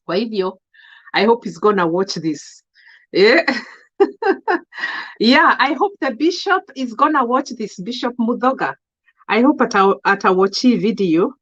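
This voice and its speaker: On a live stream, this Kenyan-accented adult woman welcomes viewers by name and voices her opinions forcefully, switching between English and Swahili. Her fairly bright voice sits on the high side with lively intonation, unhurried and often pausing, though the audio is dull.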